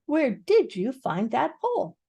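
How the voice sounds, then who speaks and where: A woman's voice: high-pitched, huge pitch swings, measured pace, creaky, warm tone, breathy edge, pitched above the performer's own voice, full character voice. An older woman voicing an earnest young boy speaking solemnly.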